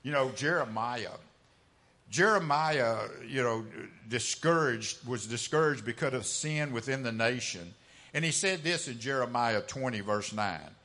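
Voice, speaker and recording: A man preaching an impassioned sermon, swinging between loud emphatic lines and hushed asides, with folksy, colloquial phrasing. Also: medium pitch, lively intonation, unhurried.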